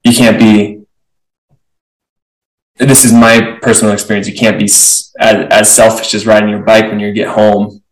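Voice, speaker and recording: A man's voice: lowish voice, normal speed. Chatty young man, roomy distant sound. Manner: animated, chatty, acts out inner thoughts. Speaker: podcast host. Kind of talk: casual conversational interview.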